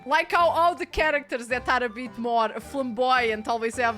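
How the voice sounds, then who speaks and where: A young woman with a Portuguese accent chatting excitedly while streaming a game, laughing often and swearing casually. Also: fairly high pitch, normal speed, hardly any pauses, soft background music. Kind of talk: casual chat while gaming.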